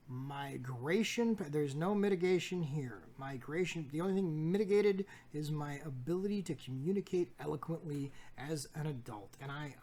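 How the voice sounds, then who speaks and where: A man's voice: fairly high pitch, slight background noise. A man hosting a casual pack-opening video, reading card text aloud with jokey asides and stumbles. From United States. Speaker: card shop host opening packs.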